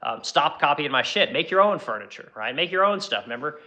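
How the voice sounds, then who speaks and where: Bright-voiced man, rambling and blunt. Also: on the high side, expressive, a little fast. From United States. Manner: rambling, profane, lots of fillers like "you know". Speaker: furniture maker answering viewer questions. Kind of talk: casual Q&A talk.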